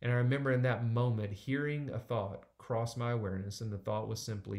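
Man in his forties, pastor, conversational sermon, emphatic repeated phrases, mid-pitched voice. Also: fairly even intonation, a little fast, darkish tone.

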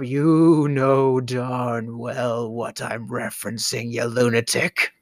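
A man delivering a scripted comedic rant, exasperated and sarcastic, sometimes dropping to a hushed whisper for emphasis. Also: mid-range voice, steady tone, takes it slowly, dry recording, studio quality. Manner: exasperated, sarcastic ranting with mock disbelief. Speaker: comedic monologue host.

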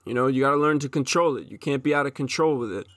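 A man's voice: medium pitch, quick pace, fairly bright tone, no echo. A man in his twenties gives an intense, profane solo monologue as a podcast host, often restarting his sentences.

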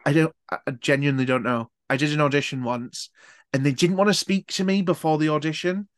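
A man's voice: a little high, fast talker, dry recording, studio quality. A man from Scotland hosting a podcast, chatting casually, laid-back and sweary. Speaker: podcast host. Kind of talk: casual interview chat.

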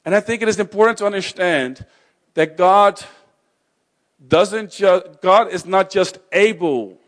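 A man's voice: high-pitched, a little slow, fairly bright tone. Chatty man giving a faith talk. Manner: conversational, self-interrupting, joking asides.

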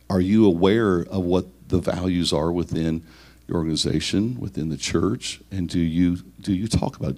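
This leadership lesson for church leaders comes from a man whose voice is very deep and a bit dark in tone. He works through numbered points, asks his audience questions he doesn't expect answered, and frequently says a word more than once.

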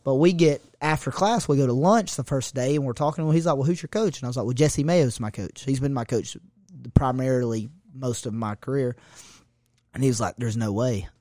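A man's voice: mid-range voice, no room sound, studio quality. A man in his thirties telling an anecdote in casual chat, quoting what others said. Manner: fast animated storytelling, quoting others.

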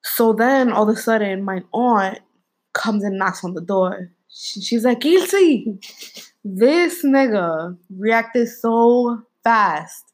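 A woman's voice: mid-range voice, slow, low-quality recording. A young woman co-hosting a casual chat, telling a frank story in slangy talk full of fillers.

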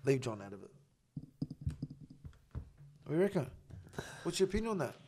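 A man's voice: a little high, moderate pace, husky. A middle-aged man, a podcast guest telling stories in casual chat. He talks animatedly, swears a lot and acts out what others said. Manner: animated, swears heavily, acts out quoted dialogue.

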